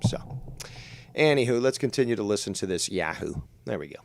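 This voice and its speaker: A man's voice: fairly low pitch, expressive, brisk, gravelly. A man hosting a live stream, giving sarcastic, mocking commentary on clips and reading out chat. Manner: sarcastic, mocking, casual with frequent "dude". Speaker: drama commentary streamer host.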